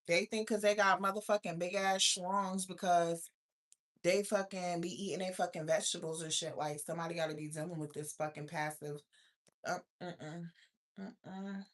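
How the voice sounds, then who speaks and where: A woman in her thirties hosts a casual livestream, reading viewer comments and answering them with blunt, profane rants. Her voice is lowish with fairly even intonation, at a moderate pace.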